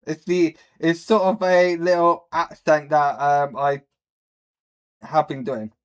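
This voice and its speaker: A man's voice: fairly high pitch, fairly even intonation, slow, clear, resonant tone. A British man chatting casually on a live stream, rambling, answering chat and swearing offhand with lots of ums and uhs. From Britain.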